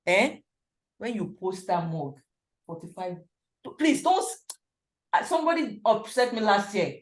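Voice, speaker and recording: A woman leads a hands-on class, animated and insistent, sometimes dropping almost to a hush. The classroom rings with echo. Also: unhurried. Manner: animated, emphatic, drops to a hush at times. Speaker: sublimation printing instructor. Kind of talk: in-person class teaching. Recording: echoey classroom, low-quality mic.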